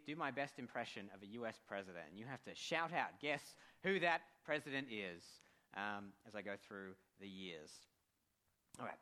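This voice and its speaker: Bright, expressive male preacher with an accent. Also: mid-range voice. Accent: non-American accent. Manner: heartfelt, with emotional pauses. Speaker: pastor. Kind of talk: sermon.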